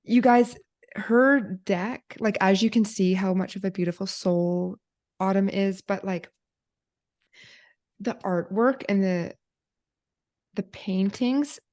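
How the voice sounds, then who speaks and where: A woman podcast host telling an emotional personal story to viewers, animated and quoting herself, with some swearing. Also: medium pitch, slow, long pauses.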